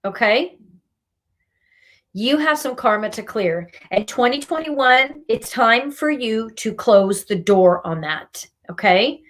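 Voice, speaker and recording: Woman host, live card reader, higher voice, slow and emphatic, tough-love scolding. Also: animated. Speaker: spiritual reader and meditation host. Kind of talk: live-streamed card reading.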